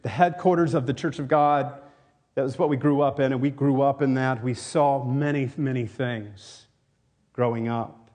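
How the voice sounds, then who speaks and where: Earnest Tennessee-raised pastor preaching. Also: male voice, medium pitch, steady tone, moderate pace, a little mellow. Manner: earnest, rambling with many restarts and fillers. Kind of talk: sermon. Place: church.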